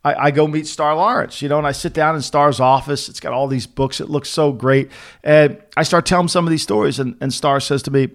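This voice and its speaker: A middle-aged man co-hosting a casual sports talk show, telling lively anecdotes and acting out the people in them. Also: on the high side, fairly quick. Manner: animated anecdote-teller, acting out quoted voices. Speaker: podcast co-host, former NFL executive. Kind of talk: casual storytelling chat.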